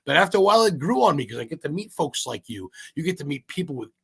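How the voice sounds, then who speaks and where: A man from Maine, a podcast guest, talking in a rambling, excitable way and swearing freely. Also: fairly high pitch, fast talker, vocal fry, slightly rough. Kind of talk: casual interview chat.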